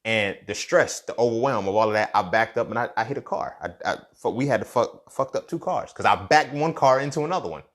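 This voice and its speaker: A man's voice: fairly low pitch, animated, a little fast, few pauses. A young man hosting a casual motivational monologue, swearing freely and telling a story while often asking if you follow him. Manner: profane, storytelling, keeps asking "you feel me". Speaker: podcast host.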